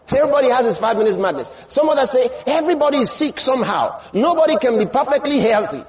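A man preaching a sermon in an emphatic style, repeating his lines and rising to shouts. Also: very high-pitched, sing-song, fast talker, lo-fi sound.

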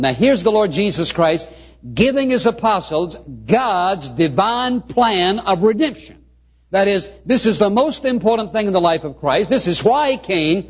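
Male pastor, sermon, slightly high husky voice, earnest stretched emphasis. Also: normal speed. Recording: muffled lo-fi sermon recording.

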